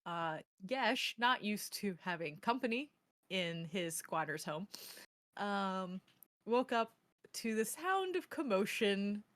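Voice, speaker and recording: A woman narrating as game master of a tabletop game, setting scenes at a slow, deliberate pace. Her pitch sits in the middle range and her delivery stays measured. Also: expressive, fairly bright tone.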